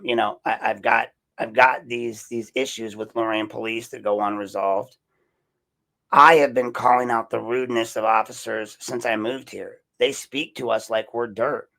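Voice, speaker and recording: Raspy, gravelly indignant man. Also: a bit bright. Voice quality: raspy and deep. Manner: indignant, rambling, repeats himself. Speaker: podcast host. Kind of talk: opinionated solo podcast commentary.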